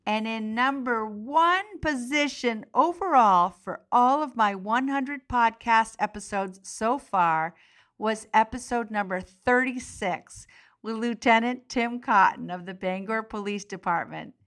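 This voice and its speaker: Higher-voiced woman podcast host. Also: measured pace, fairly bright tone. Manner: clarifying, jumps in to check details. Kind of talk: scripted intro and interview questions.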